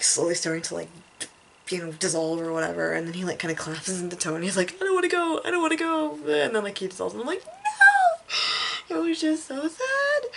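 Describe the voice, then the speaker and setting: A woman vlogger talks through a film in a loose, casual ramble. Her voice sits fairly low with a gravelly edge, and she laughs often and breaks into sudden excited outbursts. A faint hiss of background noise runs under her. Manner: animated, laughs often, acts out lines in bursts.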